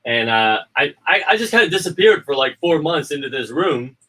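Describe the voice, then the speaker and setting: Chatty indie filmmaker, man, rambles and restarts, bright tone. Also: a little high, very animated, normal speed, far from the mic, rough recording. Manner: rambling, repeats words, acts out quotes. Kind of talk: casual livestream chat.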